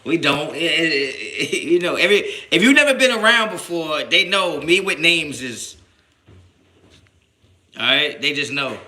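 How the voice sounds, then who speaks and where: A man's voice: fairly high pitch, unhurried. A man from New Jersey hosting a sports livestream, reading chat aloud and answering in slangy, profane talk that flares up when he is annoyed. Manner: animated, swears a lot, rises to shouting when annoyed; slangy and repetitive, restarts often. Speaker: sports channel host reading live chat.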